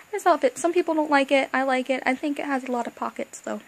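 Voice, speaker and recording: Young woman fangirling into her cam, kinda high voice, rambly and gushy, gets all excited. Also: a little fast, low-quality recording. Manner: gushing, rambling, with bursts of excitement and asides. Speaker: fan vlogger. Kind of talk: excited casual fan chat.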